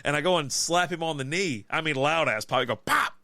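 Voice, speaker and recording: A man from Texas trading stories on a beer podcast, laughing through his own tales and cursing freely. His voice sits a bit high for a man. The sound is close and dry, with no room around it. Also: quick pace, pushed and bright, dry recording. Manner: laughs often while storytelling, swears freely. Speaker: podcast co-host. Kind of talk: casual chat over beers.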